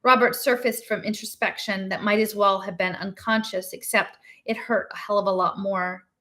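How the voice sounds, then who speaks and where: A woman reading a novel aloud in a steady, measured narration. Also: medium pitch. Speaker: reader.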